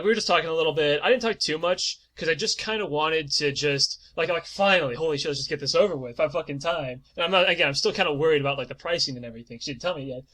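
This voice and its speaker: On a podcast, a twenty-something man recounts a comedic episode from his own life in a fairly high-pitched voice. His telling is lively and profane, broken up now and then by over-the-top sung bits.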